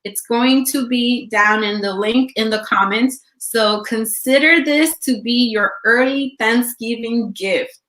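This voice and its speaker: A woman's voice: a little high, slow, hardly any pauses, fairly bright tone. A woman co-hosting a motivational talk, speaking in an upbeat, encouraging way. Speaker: co-host. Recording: echoey room.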